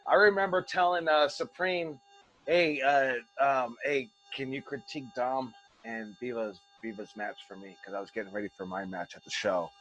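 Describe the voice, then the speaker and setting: An American wrestling coach talks casually to his students, blunt, emphatic and heavy on swearing. His voice is medium in pitch and fairly bright, at normal speed, though the audio sounds dull.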